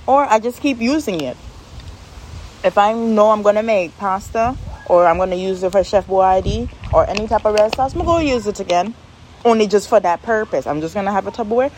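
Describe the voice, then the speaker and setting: A woman hosting a podcast, rambling and venting in a casual monologue with animated asides, recorded outdoors in the shade on a phone. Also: medium pitch, normal speed, slight background noise, rough recording. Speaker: podcast host.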